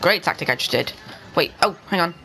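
A young man giving excitable let's-play commentary, talking to the game and to his viewers and bursting into yells. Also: a little high, a little fast, vocal fry, soft background music, low-quality recording. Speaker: gaming channel host.

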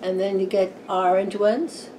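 A woman hosting a home tarot vlog, chatting loosely and giggling as she rambles along. Her voice sits at an everyday middle pitch, and a faint hum of room noise runs behind her. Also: level tone, unhurried, warm tone. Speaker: tarot channel host. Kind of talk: casual vlog chat. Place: home room with a fan running.

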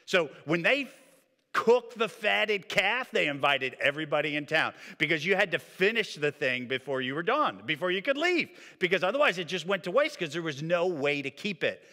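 Male pastor preaching in a church hall. Bright, lively voice with long hall reverb. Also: on the high side, normal speed. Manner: animated preaching, drops to quiet emphasis. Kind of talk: sermon. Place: church sanctuary.

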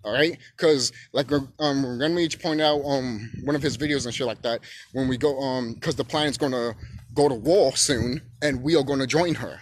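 A man ranting on his own channel in a loose, profane monologue. His voice keeps swinging into emphatic shouting. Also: mid-range voice, normal speed, a little hiss or hum. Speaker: YouTube channel host.

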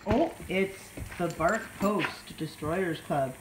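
A woman's voice: fairly low pitch, lively intonation, very slow, echoey room, slight background noise, low-quality recording. A young adult woman chatting to her dog in sing-song baby talk, gasping with delight as she unboxes at home. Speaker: vlogger. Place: home room.

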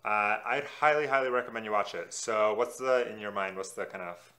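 A man co-hosts a casual chat with an easygoing, advice-giving manner. His voice sits a little low, with a bright, forceful edge. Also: a little fast. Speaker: co-host.

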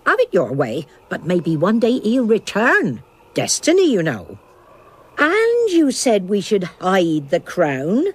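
A woman's voice: mid-range voice, wildly swooping pitch, slow pace, slightly rough, heavily acted. A woman voicing a cheerful, bawdy old witch in a cartoon, teasing and gossipy with a chuckle. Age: older. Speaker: village witch, mother. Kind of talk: animated cartoon voice acting.

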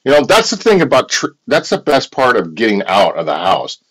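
Animated, profane American livestream host. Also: male voice, medium pitch, fairly quick, slightly rough, rough recording. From United States. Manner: profane, rambling, animated storytelling. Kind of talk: casual livestream chat.

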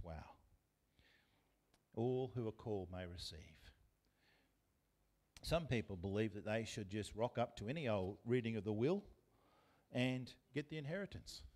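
A man's voice: on the low side, a little mellow. A man with an Australian accent preaching a sermon as pastor, talking conversationally and putting questions to the congregation. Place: church.

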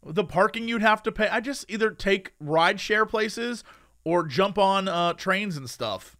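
A man's voice: sits high, unhurried. A man co-hosting a podcast in casual, joking chat. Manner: animated, joking. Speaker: podcast co-host. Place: lives in Los Angeles.

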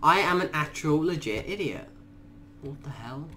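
Shrieking, excitable young gaming guy. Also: on the high side, moderate pace. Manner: excitable, shrieks and swears in panic; mutters quietly to himself between outbursts. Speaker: gaming YouTuber. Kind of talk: let's play commentary.

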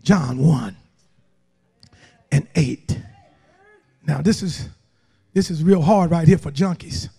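An older man preaching a fiery church sermon, shouting and laughing as he urges the congregation to answer him. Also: fairly high pitch, takes it slowly, creaky, long pauses, breathy edge. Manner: shouting, urging the congregation with call-and-response and frequent laughs. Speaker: pastor. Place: church sanctuary.

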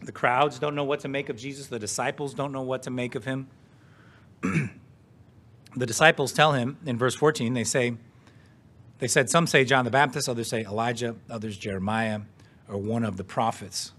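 Man preaching, measured with rhetorical questions. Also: medium pitch, steady tone, fairly bright tone. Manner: clears his throat now and then. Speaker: pastor. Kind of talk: sermon.

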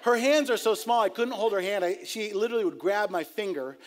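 Middle-aged pastor guy, pretty high voice, jokey animated sermon, laughs a lot at his own stories. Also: brisk, a little hiss or hum. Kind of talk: sermon with storytelling.

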